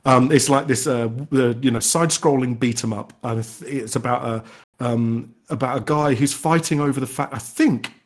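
A man's voice: medium pitch, normal speed. Enthusiastic male indie developer. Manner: enthusiastic, rambling with frequent restarts. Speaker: indie game developer guest. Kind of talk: podcast interview answers.

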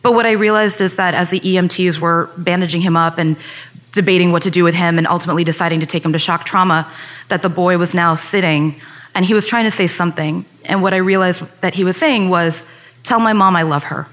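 A woman's voice: fairly low pitch, fairly even intonation, fast talker, fairly bright tone. A young adult woman telling a personal story on stage, earnest and reflective, speeding up when recalling tense moments.

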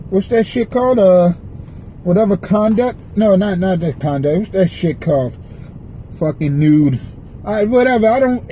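A man's voice: high voice, highs cut off, slight background noise. A man hosting a podcast, rambling and cursing as he vents from his parked car. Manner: profane, restless, venting. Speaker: podcast host. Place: parked car in a parking lot.

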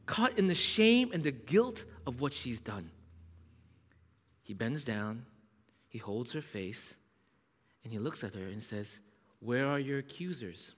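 Man, pastor, sermon, animated storytelling, sudden whispers, bright tone, long hall reverb. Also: mid-range voice. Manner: animated storytelling with frequent "right?" checks and sudden drops to a whisper. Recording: echoey hall.

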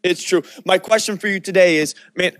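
A man's voice: high voice, a little fast, fairly bright tone, no room sound. A man pastor speaking in a direct, plain-spoken way, affirming his co-host. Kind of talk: co-hosting a sermon talk.

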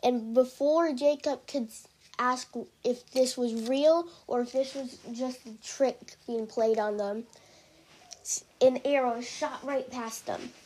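Improvising storyteller: woman, slow, halting, mellow and slightly high. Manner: hesitant, with fillers and restarts.

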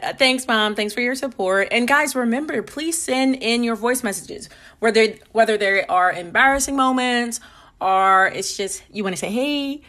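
Speaking in a slightly high, bright and forceful voice, this podcast host in her twenties shares a personal story casually. She laughs while acting out the lines she once said.

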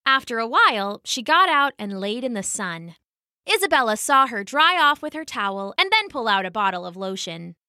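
A woman narrating a children's story as the show's storyteller, reading aloud in a warm, expressive way. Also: a little high, normal speed, no echo, studio quality.

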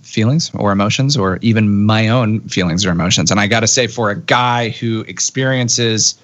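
A British man in his role as a podcast guest, speaking in a relaxed, self-mocking way. His voice sits low. The sound is dry and close, with no room echo. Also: moderate pace. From Britain. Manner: self-deprecating, laid-back. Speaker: musician guest. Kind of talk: casual interview chat.

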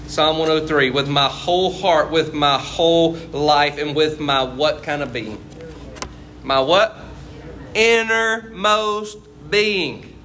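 A man's voice: fairly high pitch, steady tone, unhurried, fairly bright tone, a little hiss or hum. A man preaching a casual, conversational sermon and asking his listeners questions as he goes. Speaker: pastor.

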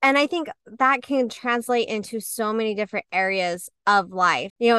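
A woman co-hosting a podcast, telling her story in a candid, animated way and acting out what people said. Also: medium pitch, clear, resonant tone, no room sound. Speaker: podcast co-host. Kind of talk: candid conversational podcast talk.

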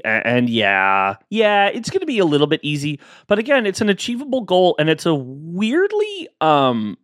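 A man's voice: fairly high pitch, wildly swooping pitch, normal speed, few pauses, a bit bright, dry recording, clean studio sound. A man hosting a casual solo podcast, chatting playfully and acting out both sides of imagined exchanges.

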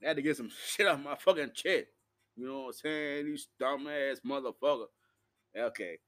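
A man's voice: medium pitch, moderate pace, a bit bright. A man, rambling profanely through a live-stream monologue while intoxicated. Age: 40s. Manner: profane, rowdy, loose storytelling.

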